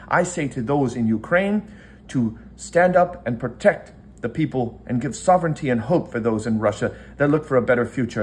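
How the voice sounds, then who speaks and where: Man from the US, online commentator, impassioned speech, earnest, repeats himself in lists, mid-pitched voice. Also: a little mellow, slight background noise. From United States.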